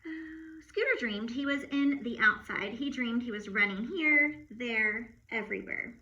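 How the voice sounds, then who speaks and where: A woman teacher reading a storybook aloud to children on camera, expressive and playful with asides and sound effects. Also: on the high side, measured pace. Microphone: phone or camera. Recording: muffled with steady background noise.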